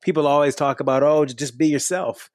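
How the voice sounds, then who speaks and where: A man's voice: on the high side, fairly even intonation, fairly quick, darkish tone, dry recording, studio quality. A man with a slight twang, candidly answering interview questions on a podcast in an earnest, upbeat way. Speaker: podcast guest and host. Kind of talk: conversational interview.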